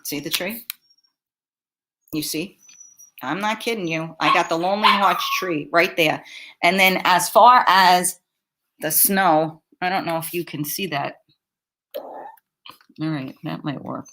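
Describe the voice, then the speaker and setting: A woman's voice: lowish voice, takes it slowly, long pauses, pushed and bright, slight background noise. A woman hosting a casual livestream from home on her laptop mic, chatting bluntly with viewers and swearing freely. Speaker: livestream host. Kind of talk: casual live-stream chat reading comments.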